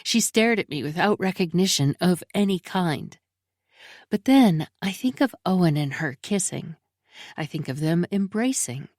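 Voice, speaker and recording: A woman's voice: lowish voice, expressive, measured pace, darkish tone, dry recording, studio quality. A woman reading a first-person thriller audiobook in a tense, brooding storytelling manner. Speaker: audiobook narrator.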